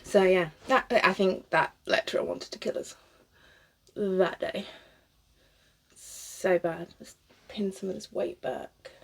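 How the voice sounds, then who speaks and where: A husky-voiced British woman in her thirties talks while she works on a wig, wandering from thought to thought. She laughs often and swears freely. Her pitch sits in an ordinary middle range. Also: steady tone, slow pace, pauses often. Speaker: cosplayer. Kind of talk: casual chat while styling a wig.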